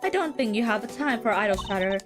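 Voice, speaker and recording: A woman's voice: on the high side, lively intonation, fast, music in the background, natural voice. Woman voicing a haughty young prosecutor. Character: proud, sharp young female prosecutor.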